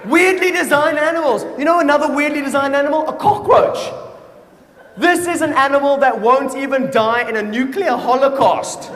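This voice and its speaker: A man's voice: very high-pitched, normal speed, a bit bright, a faint crowd, slight background noise. A man performing a stand-up comedy routine on stage, telling stories animatedly with playful asides. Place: large hall, on stage. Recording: echoey hall, live audience laughter. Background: audience laughter.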